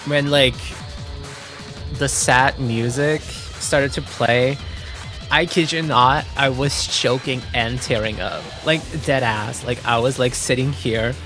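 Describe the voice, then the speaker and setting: A man's voice: mid-range voice, steady tone, takes it slowly. A young man streaming a video game, chatting casually and emotionally and swearing freely. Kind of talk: casual gameplay chat. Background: game music.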